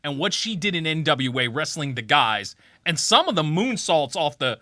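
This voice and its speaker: A man hosting a casual podcast, enthusiastic and quick with interjections. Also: a little high, big pitch swings, bright, forceful tone, no room sound, studio quality. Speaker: podcast host.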